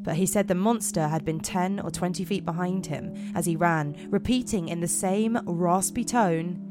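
A woman's voice: on the low side, normal speed, music in the background. A woman podcast host reading horror stories aloud in a put-on American accent, dramatic and giggly with slips.

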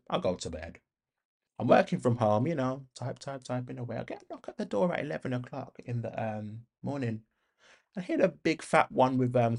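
A young man hosting a podcast, telling a story about his neighbours in a heated, profane rant, with loud outbursts. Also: medium pitch, breathy edge. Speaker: podcast host.

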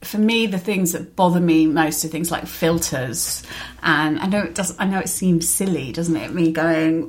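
A woman, a guest author talking in a chatty, animated way and laughing often. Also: on the low side, normal speed. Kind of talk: casual chat.

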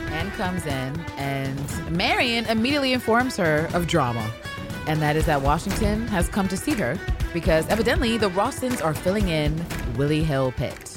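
A woman co-hosting a casual recap podcast, talking in a loud, profane, animated way and slipping into character voices. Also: fairly low pitch. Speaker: podcast co-host.

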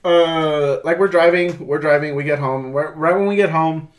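A young man telling a long story in casual chat, halting and rambling, with many restarts and swearing. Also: fairly high pitch.

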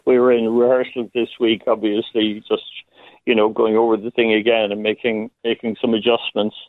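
Playwright guest over a phone line, dry sound, hesitant and reflective, mid-pitched man. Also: little pitch movement, normal speed, no room sound. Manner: thoughtful, hesitant, laughs often. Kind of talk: phone interview.

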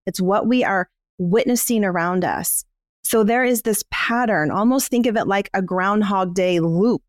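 A woman's voice: mid-range voice, unhurried, no echo. Candid woman podcast co-host, dry sound. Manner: candid, explanatory, swears freely. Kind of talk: casual podcast chat.

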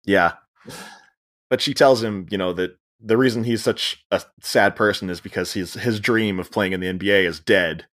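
A man's voice: on the low side, moderate pace, fairly bright tone. A young adult man co-hosting a podcast, retelling film scenes with jokey asides. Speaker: podcast co-host. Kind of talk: casual film recap chat.

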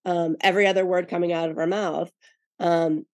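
Low-voiced, hesitant middle-aged woman. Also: little pitch movement, a little fast, no room sound, studio quality. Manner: hesitant, repeats words, aggrieved. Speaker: podcast guest. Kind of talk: casual rewatch chat.

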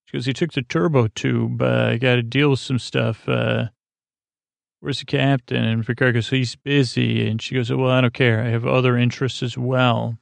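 A man recapping an episode in a slow, meandering sleep-podcast style, full of fillers and restarts. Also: medium pitch, flat delivery, creaky, no echo. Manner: meandering, filler-heavy, halting retelling. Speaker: podcast host.

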